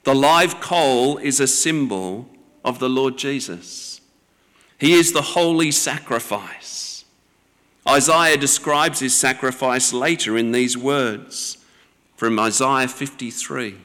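A man preaching a sermon as the pastor, slow and deliberate, with measured pauses between phrases. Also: medium pitch, a bit bright, big-room sound.

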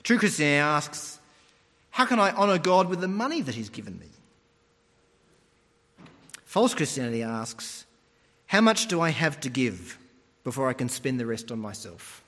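Lively high-voiced male preacher in a hall. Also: normal speed, long pauses. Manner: animated storytelling, mimics voices. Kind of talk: sermon. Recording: long hall reverb.

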